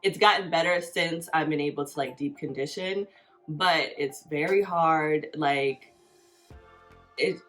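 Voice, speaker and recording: Over soft background music, a woman in her thirties shares a personal story on her vlog, chatting casually and packing every phrase with "like." Her voice is deep and a bit bright, and she speaks unhurriedly.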